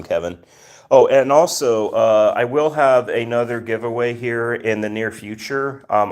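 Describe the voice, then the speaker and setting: A man hosts a relaxed live stream from home with his rescue cats around him. He reads out viewer names one by one and answers them in a chatty, unhurried way, often pausing on fillers. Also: mid-range voice. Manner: chatty, greets viewers by name, many fillers. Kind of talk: casual live stream chat.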